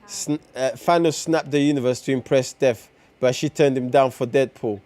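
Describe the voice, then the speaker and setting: A man reacting excitedly to comics on a live stream, exclaiming and swearing often in slangy talk. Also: medium pitch, moderate pace, soft background music.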